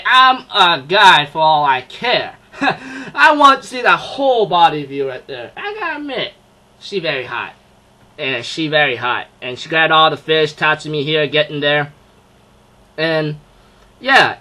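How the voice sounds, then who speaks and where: A young man chatting through an anime review in a loose, rambling way. His voice is bright and pushed forward and sits a little high for a man. He fills gaps with "you know" and laughs often. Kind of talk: casual spoken review.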